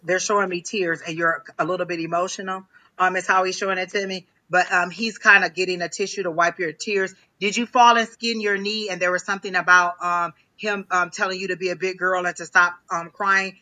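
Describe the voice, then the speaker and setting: A man giving a live psychic reading on a stream, talking in a halting way, repeating phrases with many ums. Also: high-pitched, little pitch movement, sharp tone, poor audio. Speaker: psychic reader.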